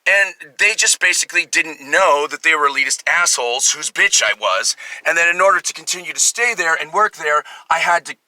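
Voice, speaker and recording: A man with a very bright, fairly high voice tells a comedic story as the host, rambling, swearing freely and mocking himself. The sound is close and dry, with almost no room. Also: animated, a little fast, hardly any pauses, no room sound, poor audio. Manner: profane, rambling, self-deprecating.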